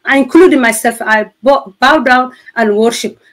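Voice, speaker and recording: A Somali-accented woman whose first language is Somali, telling her personal faith story to an interviewer in earnest, halting English full of restarts and repetitions. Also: fairly high pitch, poor audio. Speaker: interview guest giving a faith testimony.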